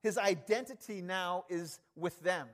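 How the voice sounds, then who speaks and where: Male preacher, higher pitch, emphatic conversational sermon delivery. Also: a little slow. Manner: emphatic, conversational, swings from loud to hushed.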